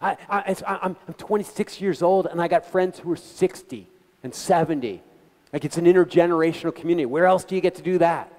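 A man's voice: on the high side, fast talker, a little mellow. A man giving an earnest, conversational talk to a community gathering, speaking directly to the audience as a guest speaker. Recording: long reverb of a hall.

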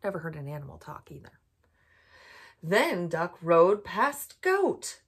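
Soft bedtime story lady, slow, asks the kids questions, husky voice. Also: lowish voice, sing-song. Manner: gentle, asks children questions. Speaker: children's museum storyteller. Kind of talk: bedtime picture-book read-aloud.

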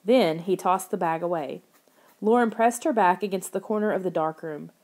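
Mellow woman narrating an audiobook. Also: on the low side, normal speed. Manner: steady, expressive storytelling. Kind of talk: scripted first-person narration of a children's horror book.

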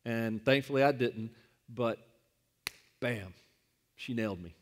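A man's voice: mid-range voice, slow pace. A male pastor giving a sermon in a conversational, storytelling manner, weaving a personal anecdote into his teaching.

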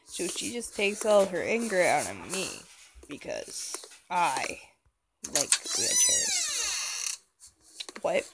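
A woman's voice: lowish voice, sing-song, takes it slowly, background noise. A woman playing a horror game and commenting along, chatty and jokey, talking back to the characters on screen. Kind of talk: let's-play commentary.

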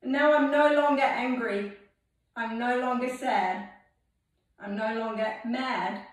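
A woman with a fairly high voice leads a guided movement lesson, talking very slowly and calmly. She gives step-by-step instructions as an English teacher. Her voice rings through a very echoey room. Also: recorded from a distance. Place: library room.

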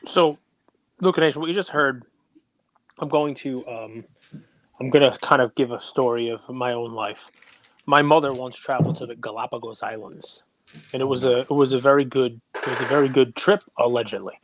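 A man's voice: mid-range voice, moderate pace. A man hosting a casual podcast, teasing and sarcastic, telling long winding stories. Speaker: podcast host.

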